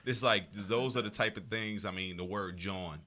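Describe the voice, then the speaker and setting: A man's voice: on the low side, moderate pace. A middle-aged man with a South Jersey accent, a podcast guest telling stories in casual chat, acting out dialogue and laughing often. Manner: animated storyteller, acts out dialogue, laughs often.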